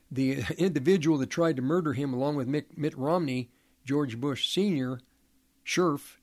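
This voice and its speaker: A man preaching in a slow, deliberate delivery, his voice sitting a little higher than most men's. He halts often, repeats and restarts words, and drives his points home with emphatic rhetorical questions.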